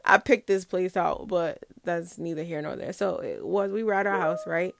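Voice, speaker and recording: A young woman telling a personal story in casual chat, animated, laughing often and acting out what people said. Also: lowish voice, normal speed, gravelly, slight background noise.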